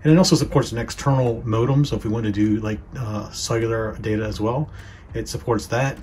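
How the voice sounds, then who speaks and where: A man's voice: on the low side, a little fast, a little hiss or hum. A man hosting a ham radio channel, casually walking through his setup with lots of fillers and restarts. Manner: relaxed, many fillers and restarts. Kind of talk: casual walkthrough narration. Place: inside a trailer, walking around. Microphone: phone.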